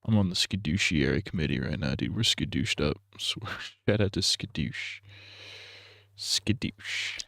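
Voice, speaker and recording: A man's voice: a bass voice, lively intonation, moderate pace, vocal fry, few pauses, fairly bright tone, dry recording, clean studio sound. A young man rambling crude jokes on a casual gaming livestream. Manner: crude, rambling, giggly banter.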